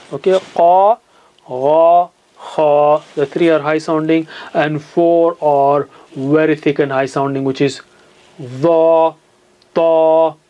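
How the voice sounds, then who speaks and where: A man's voice: a little high, a little mellow. A man teaching Quran recitation in a classroom lesson, patiently repeating letter sounds and words for students to copy.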